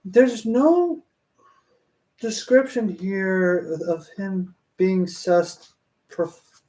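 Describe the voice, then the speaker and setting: High-voiced, slow-talking exasperated man. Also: dark tone. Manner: exasperated, halting, self-interrupting; laughs often. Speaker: reader reviewing a fan story. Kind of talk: casual commentary while reading aloud.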